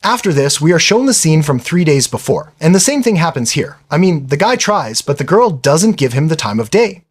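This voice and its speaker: A chatty male narrator retelling an anime episode in a casual storytelling way. His voice sits a little high and swings up and down with lots of animation. He talks to the listener like a friend. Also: sing-song, moderate pace, husky. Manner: chatty, says "brother" and "literally".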